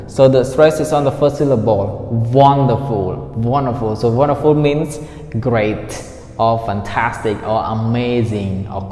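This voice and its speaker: A man's voice: medium pitch, a little mellow. Echoey male English teacher drilling pronunciation. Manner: repeats words to drill pronunciation; asks the class frequent "right?" checks. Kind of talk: classroom listening lesson. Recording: echoey room with long reverb.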